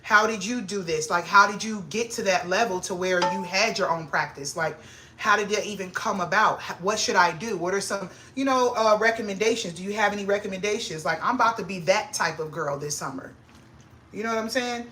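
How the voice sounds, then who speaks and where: Bright-voiced young woman, excitable and slangy. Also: fairly quick, a little hiss or hum. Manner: excitable, slangy, grows loud and high when hyped. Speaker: vlogger. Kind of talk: casual chat to camera.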